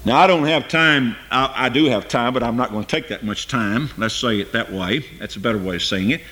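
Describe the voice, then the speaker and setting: A man preaching a sermon. He reads scripture and climbs to high, emphatic peaks, then drops low and quiet for his asides. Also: fairly quick.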